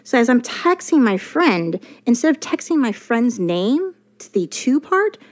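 A woman casually telling a story from her working life, animated and profane, often restarting her sentences. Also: on the high side, unhurried.

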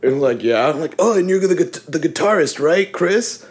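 A man's voice: fairly high pitch, fairly quick. Laughing young man telling a story. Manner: animated, laughing, swears often. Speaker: podcast host. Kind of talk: casual chat, storytelling.

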